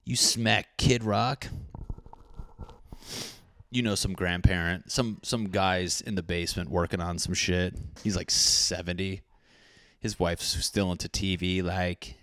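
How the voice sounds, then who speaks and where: Low and fairly even in intonation, this man's voice moves at normal speed with no echo. He's hosting his own podcast as a solo rant, rambling profanely, cracking jokes and doing comic voices.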